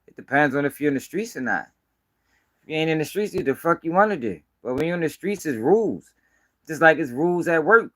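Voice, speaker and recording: A man's voice: a little high, animated, brisk, a bit bright. A man from Baltimore giving blunt, profane street news commentary on a casual live stream. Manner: blunt, profane, emphatic ranting.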